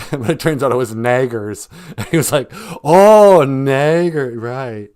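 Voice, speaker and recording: This male podcast host has a mid-range voice and a moderate pace. He rambles through a casual, comedic monologue, frequently breaking into laughter between jokes.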